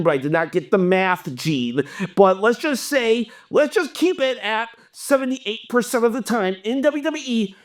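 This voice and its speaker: A young man hosting a wrestling channel, delivering an animated, exasperated opinion rant to camera. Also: sits high.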